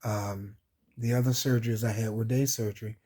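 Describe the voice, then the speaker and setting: Laughing man telling a story, mellow voice. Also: on the low side, steady tone, brisk. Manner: laughs often while telling, addresses listeners as y'all. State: sore, laughing hurts, recovering from surgery. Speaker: vlog host. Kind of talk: casual personal storytelling.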